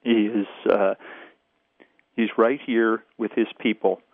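A man's voice: lowish voice, fairly even intonation, slow pace, dry recording. Male pastor on a tinny phone line. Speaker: pastor and guest. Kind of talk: radio interview over the phone.

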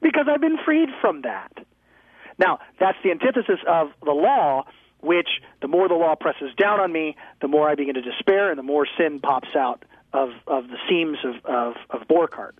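A man's voice: a little high, expressive, moderate pace, slightly rough, no room sound. A man, a guest pastor, talking with energy and humor on a call-in radio show, sometimes ranting. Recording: tinny phone line.

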